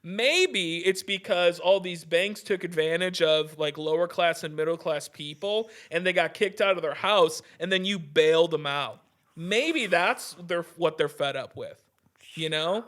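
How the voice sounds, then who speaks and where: High-voiced man ranting on a podcast. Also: measured pace, fairly bright tone. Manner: heated, profane, restarts often, says "dude" a lot. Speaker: podcast host. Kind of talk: casual ranting podcast monologue.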